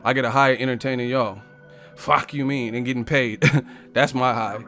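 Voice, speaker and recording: A man's voice: medium pitch, fairly even intonation, normal speed, pushed and bright, soft background music. A man hosting a casual live stream, telling profane stories and laughing often.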